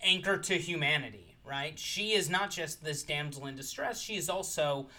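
A man's voice: on the high side, lively intonation, moderate pace, bright, forceful tone. A man guesting on a podcast, talking enthusiastically about films in a casual, articulate way. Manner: enthusiastic, articulate, frequent ums. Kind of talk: casual film discussion.

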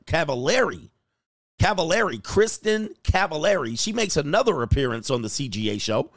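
A man's voice: medium pitch, a bit bright, no room sound, clean studio sound. A man hosting a reaction commentary show, talking in a crude, joking, mocking way.

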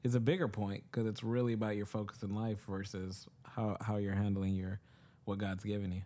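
A man's voice: lowish voice, level tone, fairly quick, warm tone. Give me an easygoing man in casual chat who laughs often. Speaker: podcast co-host.

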